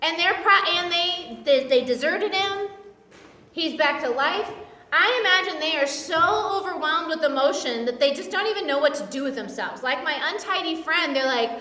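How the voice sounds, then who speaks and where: A woman's voice: very high voice, lively intonation, normal speed, bright, forceful tone, reverberant, long reverb tail, far from the mic. A woman preaching a casual sermon in a chatty, filler-heavy way, acting out the voices she quotes. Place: church.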